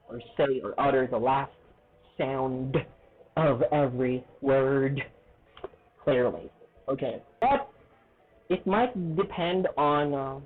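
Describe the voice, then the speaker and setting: A man teaching an English lesson in a casual, earnest way, often checking in with "okay?" and "right?" and stressing words slowly. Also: medium pitch. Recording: tinny phone-like audio.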